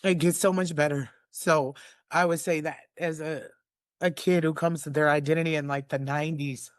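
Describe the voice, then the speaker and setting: A woman in her forties, a guest in a personal conversation, choked up and earnest, speaking haltingly with many restarts and fillers. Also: low-pitched, fairly even intonation, no room sound, clean studio sound. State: tearful, choked up. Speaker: interview guest.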